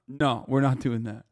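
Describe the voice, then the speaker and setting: With a darkish, mid-range voice, a man hosts a political live stream and rants about the news, swearing and sounding incredulous throughout his casual commentary.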